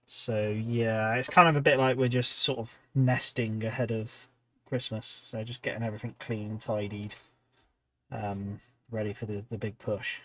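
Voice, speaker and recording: A man's voice: lowish voice, steady tone, moderate pace, fairly bright tone. A tired man hosting a hobby livestream, chatting casually and rambling with lots of ums while he paints. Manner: rambling, chatty, many ums and restarts, reading out chat.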